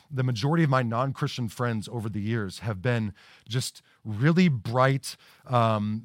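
A man's voice: medium pitch, dry recording, studio quality. A man preaching a sermon in a conversational way, often repeating words as he starts a sentence. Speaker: pastor. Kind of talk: livestreamed sermon.

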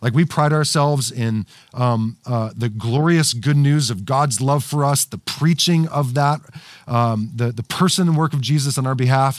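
A man's voice: medium pitch, dry recording, clean studio sound. A man preaching a sermon to a livestream audience, talking casually with many fillers, restarts and frequent "right?" asides. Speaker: pastor. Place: studio with cameras and screens.

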